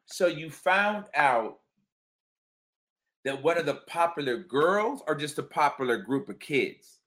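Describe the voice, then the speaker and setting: A man co-hosting a casual podcast chat, teasing his co-host and asking probing questions between loud laughs. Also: fairly high pitch, animated, slow.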